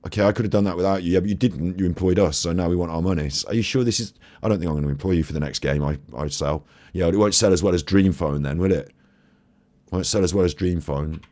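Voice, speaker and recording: A man's voice: low voice, fast, darkish tone. A man giving crude, sarcastic commentary on old TV clips and laughing often. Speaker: host.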